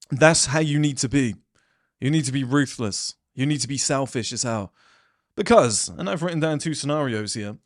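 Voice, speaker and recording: A man's voice: medium pitch, no echo, studio quality. Blunt man rambling to camera. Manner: blunt, rambling, swears freely. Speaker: self-improvement vlogger. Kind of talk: casual monologue to camera.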